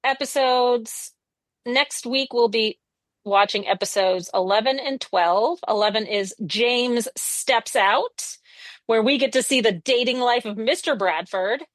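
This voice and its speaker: Wry woman podcast co-host, slightly high, close dry recording. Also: measured pace, fairly bright tone, dry recording. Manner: wry, plot-summarizing. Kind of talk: casual comedy podcast chat.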